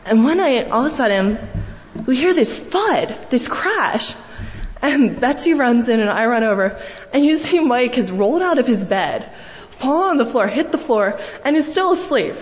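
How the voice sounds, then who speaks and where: A woman's voice: fairly high pitch, lively intonation, moderate pace. A young woman speaking a fond, rambling eulogy in a large church, full of fillers as she tells family stories. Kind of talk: memorial eulogy. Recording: echoey hall, dull sound, faint hiss.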